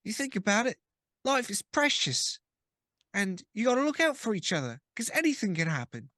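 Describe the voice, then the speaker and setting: Tabletop player, rambling casual chat, mid pitch, dry close sound. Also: sing-song, normal speed, a bit bright, dry recording. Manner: chatty, rambling.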